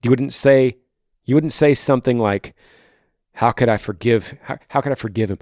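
A man hosting a podcast, answering a listener's question on faith with passion, swinging between hushed and raised delivery. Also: medium pitch, moderate pace, no echo, studio quality. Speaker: podcast host.

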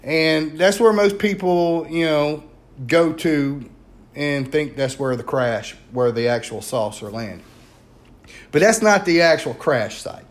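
A man with a Louisiana accent, a paranormal investigator telling a story in a chatty, animated way with many fillers. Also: fairly high pitch, slow pace. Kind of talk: casual storytelling.

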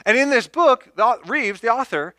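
A man's voice: extremely high pitch, lively intonation, moderate pace, pushed and bright, no room sound, clean studio sound. A man preaching a sermon, stepping through numbered points and repeating key phrases for emphasis. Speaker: pastor.

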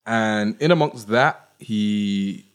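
A man's voice: on the low side, takes it slowly, clean tone. Laid-back man in his twenties. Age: 20s. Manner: laid-back, rambling with many fillers. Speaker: podcast host. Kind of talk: casual chat.

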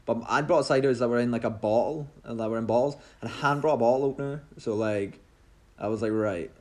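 A man's voice: medium pitch, quick pace. A man co-hosting a podcast, rambling through a self-mocking story in casual chat with many restarts. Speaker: podcast co-host.

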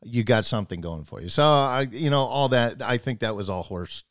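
Over clean, dry studio sound, a man with a medium-pitched, lively voice speaks at normal speed. He's chatting casually through a long personal story, rambling, starting sentences over, and voicing both people in the exchange.

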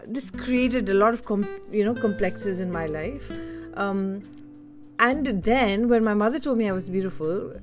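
A woman talks through her own memories in a candid, thoughtful monologue. She pauses and restarts as she looks for the right words. Her voice sits at a middling pitch, and gentle guitar music plays faintly in the background. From India (Delhi). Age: adult. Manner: candid, reflective, searching for words. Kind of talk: personal storytelling monologue.

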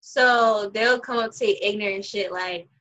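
A young adult woman telling stories in a casual chat over a video call, animated, profane and quick to laugh. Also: mid-range voice. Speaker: conversation partner. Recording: muffled video-call audio.

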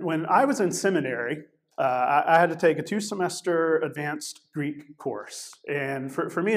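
A man giving a sermon as a guest preacher, telling a personal story in a conversational way with many fillers and restarts. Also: on the high side. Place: church service, also streamed online.

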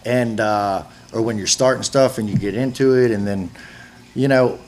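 A man in his forties hosting a casual chat, talking in a halting, rambling way with frequent restarts. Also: lowish voice, darkish tone. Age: 40s.

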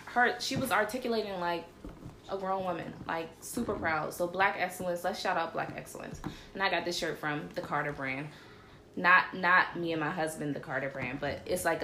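A bright, chatty woman hosts a casual livestream and talks straight to her audience. She calls them y'all and keeps the talk lively and informal. Her voice rings a little in a roomy space. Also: fairly low pitch, a little hiss or hum. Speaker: show host. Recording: roomy echo.

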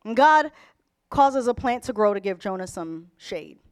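A woman preaching a sermon in an animated storytelling way, acting out the people in her stories. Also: medium pitch, measured pace, smooth. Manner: animated, storytelling, mimics characters. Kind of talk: lively sermon with acted-out voices.

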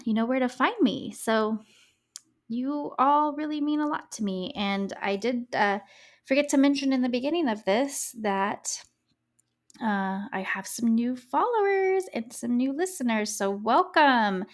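A young woman hosting a true crime podcast, chatting casually and reacting to the case with sarcastic asides. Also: a little high. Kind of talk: casual solo podcast chat.

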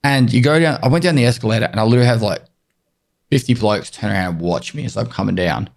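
A man with a lowish voice chatting on a podcast. He tells stories with lively energy and swears casually along the way. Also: fast, creaky. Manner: animated storyteller, swears freely. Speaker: podcast co-host.

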